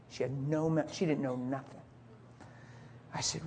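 Storytelling preacher man, hushed to fervent. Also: moderate pace, pauses often, slight background noise. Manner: acts out voices in his story, drops to whispers, swings to high cries. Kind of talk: sermon storytelling.

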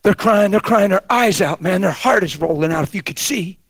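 A man in his fifties preaching a sermon, swinging from shouts to hushed, intimate tones. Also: sits high, a little fast, no room sound. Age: 50s.

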